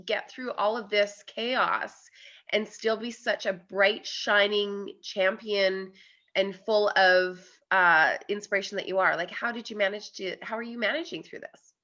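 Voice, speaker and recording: A woman's voice: medium pitch, steady tone, measured pace, sharp tone. A woman hosting a podcast interview, chatting casually and rambling with many fillers. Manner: rambling, lots of "you know" fillers. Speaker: podcast host. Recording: dull lo-fi audio.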